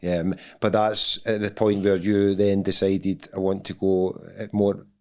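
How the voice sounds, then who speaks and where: A man's voice: low-pitched, level tone, measured pace, darkish tone. A man hosting a podcast interview, mostly giving short encouraging replies. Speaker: podcast host. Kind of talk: interview chat.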